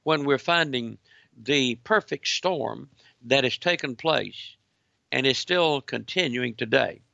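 A man delivers a commentary broadcast with a gravelly, fry-edged voice and a bright, forceful tone. He presses each point through repetition and reads articles aloud. The recording is dry and a little dull, like lo-fi broadcast audio. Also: mid-range voice, no echo.

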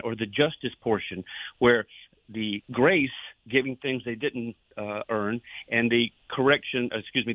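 A man speaks earnestly on Christian talk radio, preaching and telling stories with an ordinary pitch. The sound is tinny and phone-like, with no room in it. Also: no echo. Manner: earnest, preachy storyteller who acts out dialogue. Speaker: guest speaker, former police officer.

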